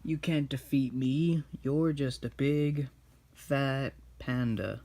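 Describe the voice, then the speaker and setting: A man voicing a male snow leopard kung fu villain in a comic cartoon retelling, with shrill, melodramatic yelps. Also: fairly even intonation, slow, warm tone. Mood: taunting.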